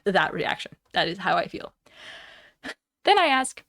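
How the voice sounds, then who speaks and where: A young adult woman streamer telling a story in a heated, profane, animated casual rant. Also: on the low side, a little slow, creaky, long pauses, no room sound. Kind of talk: casual ranting chat.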